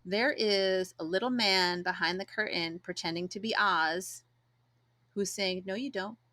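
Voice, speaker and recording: A woman's voice: fairly low pitch, fairly even intonation, unhurried, bright, forceful tone. A woman in her forties hosting a solo podcast, talking casually and reflectively and acting out quoted voices. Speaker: podcast host.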